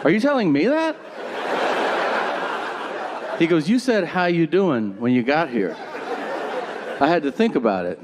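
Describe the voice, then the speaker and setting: A man's voice: fairly high pitch, sing-song, measured pace, pauses often, crowd noise. Profane man doing stand-up storytelling. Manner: storytelling with acted-out dialogue, profane punchlines. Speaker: stand-up comedian. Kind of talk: stand-up comedy set. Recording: live venue with audience laughter noise. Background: audience laughter.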